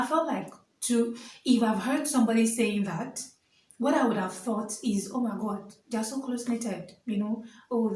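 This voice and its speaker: A woman's voice: mid-range voice, a little mellow, reverberant, distant mic, poor audio. A young Nigerian woman vlogging to camera while standing, chatty and earnest, with many fillers and asides. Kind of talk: casual vlog talk to camera.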